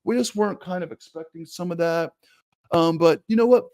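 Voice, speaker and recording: A man's voice: a little high, fairly quick, darkish tone, voice pushed up, close to an everyday voice. A man putting on the voice of a meek, unsure male football coach who stammers and fills his talk with hesitations. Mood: hesitant. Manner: stammering, unsure, filler-laden.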